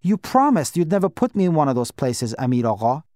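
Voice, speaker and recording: A man's voice: a little high, animated, measured pace, a little mellow, dry recording, clean studio sound. A man voicing a frightened young orphan boy who pleads with a breaking voice. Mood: dismayed.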